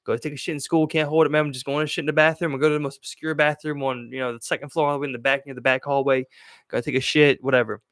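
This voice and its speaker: A man's voice: mid-range voice, level tone, very fast, a bit bright, no room sound, clean studio sound. A young man from Maryland telling loose, profane stories as a podcast host, laughing as he goes. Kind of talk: casual chat, storytelling.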